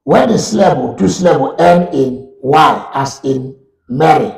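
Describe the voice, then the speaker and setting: A man's voice: a little high, animated, creaky, far from the mic, soft background music. Male lecturer with a Nigerian accent, methodical and repetitive, a little away from the mic. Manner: slow, repetitive explaining. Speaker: university lecturer. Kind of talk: live online lecture on English grammar. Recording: echoey room, voice off-mic.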